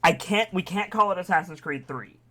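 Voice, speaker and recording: Male, raised pitch, excitable casual game chat, laughs a lot. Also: fairly quick. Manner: excitable storyteller, laughs often, swears casually.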